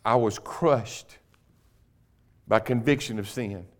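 A man's voice: fairly low pitch, slow. Man preaching a testimony. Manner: emotional testimony building to loud emphatic preaching. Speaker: guest preacher. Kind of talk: sermon. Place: church sanctuary.

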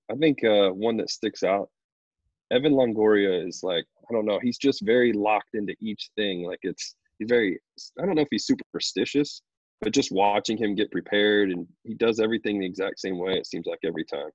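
A man, a pro baseball pitcher, chatting casually in an interview and telling stories loosely with lots of fillers. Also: moderate pace, no echo, muffled recording. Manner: relaxed, rambling storyteller with many fillers.

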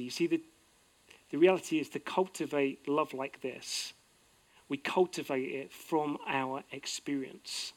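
Earnest middle-aged man preaching, higher-pitched. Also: measured pace. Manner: earnest, swings from bright emphasis to soft, low intimacy. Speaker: pastor. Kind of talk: sermon.

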